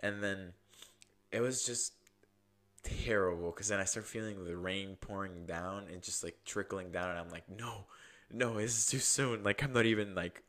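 Deep-voiced man rambling through a story. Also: fairly even intonation, moderate pace, fairly bright tone. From United States. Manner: rambling, full of fillers and quoted self-talk. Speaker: podcast host. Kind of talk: casual storytelling monologue.

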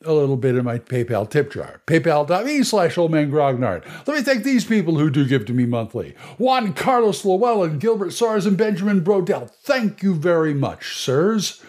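A man's voice: on the high side, big pitch swings, moderate pace, hardly any pauses, darkish tone. A man hosting a podcast, telling game stories in a casual, rambling monologue. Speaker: podcast host. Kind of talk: casual monologue on tabletop games.

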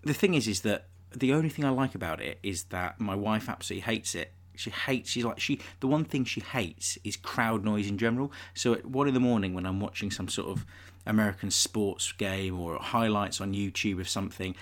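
A man's voice: fairly low pitch, brisk, hardly any pauses. A man hosting a casual podcast, joking and laughing often as he talks. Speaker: podcast host. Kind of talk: casual chat.

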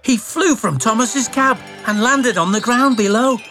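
A storyteller reading a children's picture book aloud with playful, expressive delivery and sound words. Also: mid-range voice, unhurried. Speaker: narrator. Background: children's music.

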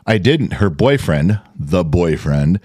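A man tells a story on a podcast in a low voice that swings widely in pitch. He curses freely and acts out what others said. The sound is dry and close. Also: slow pace, husky, dry recording. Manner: animated, profane, acts out quotes loudly. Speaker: podcast co-host. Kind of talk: casual storytelling chat.

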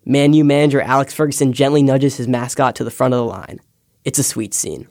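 A young man, a podcast intern, reading a scripted personal essay with wry, deadpan asides. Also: mid-range voice, a little fast, no echo, clean studio sound. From United States. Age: young adult.

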